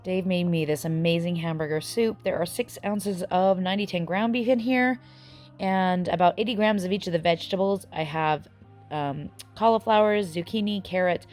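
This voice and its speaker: A woman's voice: lowish voice, a little mellow. A woman in her forties chatting casually through a food diary vlog, often sounding a little out of breath. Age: 40s. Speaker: vlogger. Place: various rooms and a dance studio.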